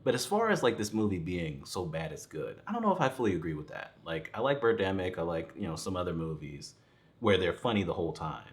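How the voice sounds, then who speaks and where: A man with a fairly low voice talks through a movie review in a loose, rambling way. He laughs between thoughts and swears freely, keeping it casual and unscripted. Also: sing-song, fast talker, noisy background. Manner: rambling, chuckling, profane. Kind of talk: casual spoken film review.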